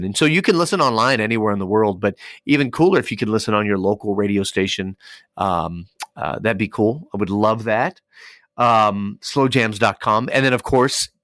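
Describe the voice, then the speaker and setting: A man, a radio DJ, chatting as a podcast guest and telling lively stories with acted-out dialogue. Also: fairly low pitch, dry recording, clean studio sound. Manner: animated storyteller acting out dialogue. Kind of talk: casual podcast interview.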